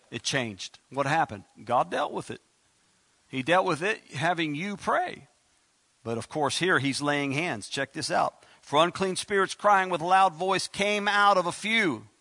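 Emphatic bright-voiced preacher man. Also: fairly high pitch, no room sound. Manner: emphatic preaching with sudden loud bursts and asides. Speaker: pastor. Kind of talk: sermon.

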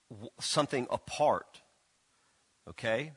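A male pastor delivering a loose, conversational sermon, teasing his listeners and stumbling through restarts and fillers. His voice sits at a middle pitch. The recording is dry and close, with no room echo. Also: animated, fairly bright tone, slightly rough. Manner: folksy, teasing, halting with many restarts and fillers. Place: church.

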